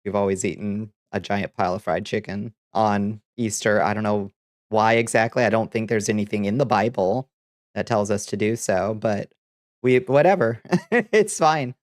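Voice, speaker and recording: On a casual livestream, a VTuber host from the American South reads chat aloud and talks easily, breaking into laughs and trailing off only to restart. His voice is stuffy-nosed, mid-pitched and at normal speed, recorded dry and close at a home desk mic with no room echo.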